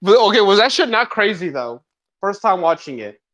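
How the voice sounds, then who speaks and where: A man's voice: high-pitched, very animated, normal speed, fairly bright tone, dull audio. A young man co-hosting a podcast, chatting in a laid-back way and swearing casually. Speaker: podcast co-host. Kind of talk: casual chat.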